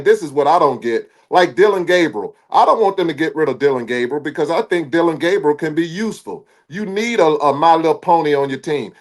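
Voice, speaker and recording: A man co-hosting a casual sports talk show, speaking in an animated, preachy and joking way. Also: high-pitched.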